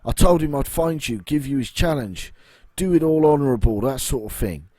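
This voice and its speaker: A man's voice: mid-range voice, expressive, moderate pace, mellow, dry recording, lightly acted. A man voicing a frightened male former guard who has fled, reading the lines in a jittery, pleading way.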